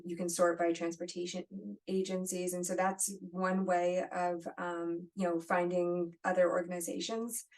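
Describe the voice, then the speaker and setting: A woman moderating an online webinar, answering audience questions in a friendly conversational way over a video call. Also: on the low side. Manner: conversational, friendly, apologetic asides. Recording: distant mic.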